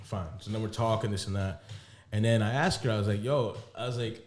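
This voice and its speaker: A young man with a low, mellow voice recounts a personal drama to his co-host on a podcast. He tells it casually and keeps acting out both sides of the conversation. He swears freely and laughs as he goes. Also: a little fast. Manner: animated storyteller, quotes conversations, frequent laughs and profanity. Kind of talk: casual storytelling chat.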